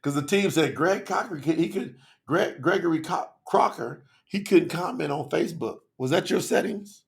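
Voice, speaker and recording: Gravelly, passionate man hosting a livestream. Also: a little high, moderate pace. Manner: passionate, addresses viewers directly in casual slang. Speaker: livestream host. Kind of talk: casual livestream talk.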